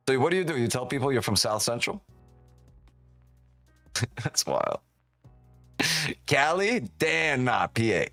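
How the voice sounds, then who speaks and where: A man's voice: mid-range voice, sing-song, slow pace, long pauses, a bit bright, dry recording, soft background music. A man hosting a live trading stream, joking and teasing viewers in casual, profane banter. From New York.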